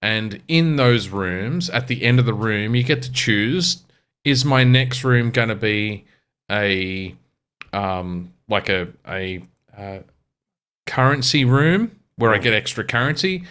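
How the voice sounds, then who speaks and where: An Australian man in relaxed podcast chat with a lowish voice. He explains in long, looping runs and restarts his sentences. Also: takes it slowly, clear, resonant tone. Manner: enthusiastic, explaining at length with restarts. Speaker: podcast co-host. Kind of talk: casual chat.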